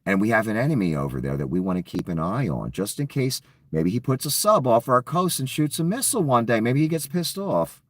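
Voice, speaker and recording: Man, ranting commentator, lively pitch swings, heavy profanity, dry room, mic a bit off. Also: a little fast, few pauses, no echo, recorded from a distance. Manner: profane, sarcastic, acts out mocking quotes. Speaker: political commentator.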